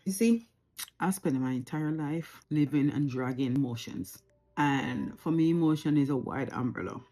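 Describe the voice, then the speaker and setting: Soft music plays behind a warm, low female voice moving at a moderate pace. She's a Jamaican vlogger in her forties, speaking off the cuff to camera from home, earnest and reflective, often repeating phrases for emphasis.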